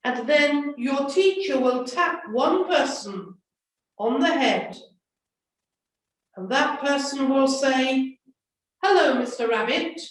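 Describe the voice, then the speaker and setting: A woman leading a children's school assembly, giving slow, gentle instructions. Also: sits high. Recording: echoey room from far off.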